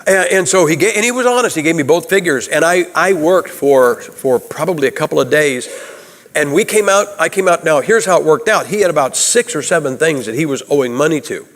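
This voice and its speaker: A Baptist preacher man delivers a homespun sermon, peppering it with questions to the congregation. His voice sits a little high for a man. The sound rings with the long reverb of a church sanctuary. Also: lively intonation, fairly quick, a bit bright. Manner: folksy, conversational, asks the audience questions.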